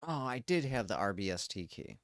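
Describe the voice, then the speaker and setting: A man's voice: fairly low pitch, sing-song, a bit bright, no echo. A man streaming a game live, ranting and swearing in casual chat as he plays. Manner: ranting, swearing, quick laughs. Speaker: livestreamer. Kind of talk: casual gaming livestream chat.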